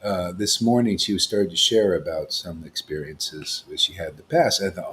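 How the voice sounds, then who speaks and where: Low-voiced man giving a rambling spiritual talk. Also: moderate pace, fairly bright tone, slight background noise. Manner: rambling, peppered with "see?" and "you know". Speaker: spiritual teacher.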